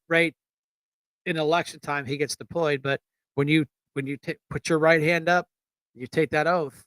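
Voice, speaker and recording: Host from Erie, Pennsylvania: male, blunt, rambling, slightly high, smooth close-miked voice, very dry sound. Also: a bit bright, no room sound. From United States. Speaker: show host. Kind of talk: casual political livestream talk.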